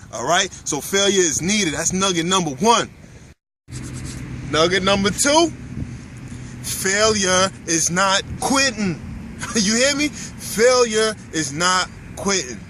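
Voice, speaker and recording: Motivational host, man, fairly high voice, preachy and repetitive, faint street noise behind. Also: expressive, unhurried, sharp tone. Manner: preachy, emphatic, repeats key lines. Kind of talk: motivational talk to camera. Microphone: camera mic, filmed by his wife.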